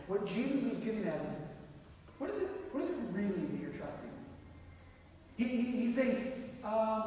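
A man preaching a sermon as a pastor, animated, acting out the dialogue and swinging between loud and quiet. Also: high-pitched, normal speed, long pauses, slight background noise. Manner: animated, acts out dialogue, rising and dropping volume. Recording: echoey hall, mic from far off.

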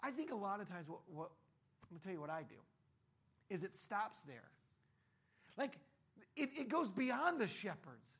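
A man's voice: high voice, sing-song, normal speed, long pauses, a bit bright, breathy edge. A man preaching a sermon in a conversational way, acting out the voices of the people in his stories. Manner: conversational, acts out voices in quotes. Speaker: pastor.

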